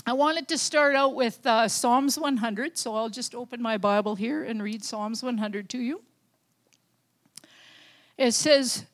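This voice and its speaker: Older woman, high-pitched, speaking to her congregation in a warm, rambling, heartfelt way with lots of pauses and restarts. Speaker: lay speaker at church. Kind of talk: informal church talk and testimony.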